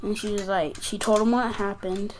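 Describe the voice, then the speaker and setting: A woman's voice: medium pitch, steady tone, moderate pace, a little hiss or hum. A young girl telling a school story to camera, rambling and acting out what others said, with many "like"s. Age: child. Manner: rambling, fills with "like", acts out quotes. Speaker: gaming channel creator.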